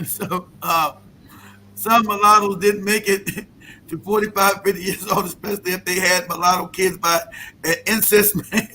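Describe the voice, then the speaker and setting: A man with a high, sharp and forceful voice, hosting a loose, profane rant. He mocks freely and breaks into laughter often. A faint hiss sits under his voice. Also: fairly even intonation, normal speed, low-quality recording. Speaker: podcast host. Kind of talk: casual rant.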